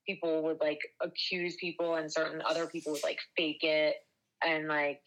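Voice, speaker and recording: A woman's voice: sits low, level tone, fairly bright tone, rough recording. A woman co-hosting a podcast in casual chat, talkative and swearing freely. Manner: chatty, swears freely, quick bursts. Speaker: podcast co-host.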